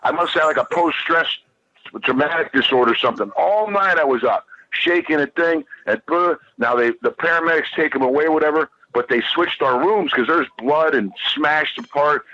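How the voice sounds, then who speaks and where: A man's voice: a little high, normal speed, sharp tone, highs cut off. A man who is a guest on a podcast, telling a rambling, heated, profane story and repeating himself as he goes.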